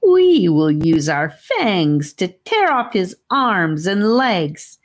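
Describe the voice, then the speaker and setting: A woman's voice: on the low side, sing-song, takes it slowly, full character voice. A woman voicing a cruel, giggling female snake in an audiobook, gloating with menace. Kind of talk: audiobook character voice.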